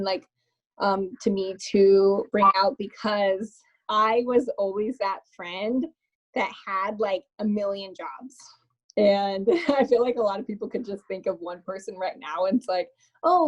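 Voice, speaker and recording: A woman talks as a podcast guest in a loose, chatty storytelling manner, breaking into quick laughs and leaning on filler words. Her voice sits at an ordinary middle pitch. The recording is muffled and lo-fi. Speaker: podcast guest, makeup artist. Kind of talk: casual storytelling interview.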